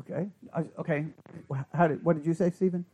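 A man's voice: fairly high pitch, fairly even intonation, fast talker, mellow, husky, highs cut off. A man leading a Bible study class, asking the group questions and repeating phrases over and over for emphasis. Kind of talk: interactive Bible study lesson.

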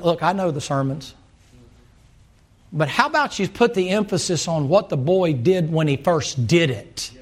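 A man. He moves from quiet, low asides up to loud, emphatic runs. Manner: acts out dialogue in quick playful voices. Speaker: pastor. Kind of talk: sermon.

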